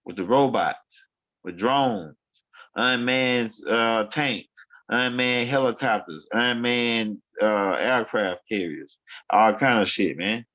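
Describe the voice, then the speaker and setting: Taking it slowly, a man with a mid-range, pushed, bright voice hosts his own online show. He rambles in street slang, often repeating himself, over a dull lo-fi recording.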